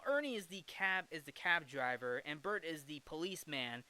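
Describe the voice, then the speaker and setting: A man's voice: a little high, sharp tone, clear, resonant tone. A man hosting a movie review show, giving a casual, rambling film recap with jokey asides and frequent self-corrections.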